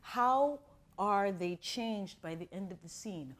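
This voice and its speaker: Animated woman acting teacher telling stories. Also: medium pitch, slow pace. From Miami. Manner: expressive storyteller who acts out quotes. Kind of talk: animated class talk with acted-out anecdotes.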